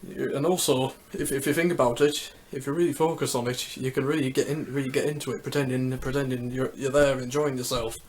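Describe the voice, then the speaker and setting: A YouTuber ranking the Olympic Games gives casual vlog commentary in a medium-pitched, steady voice, speaking briskly with few pauses. Still, he talks hesitantly, repeating words and falling back on "so yep" while searching for what to say.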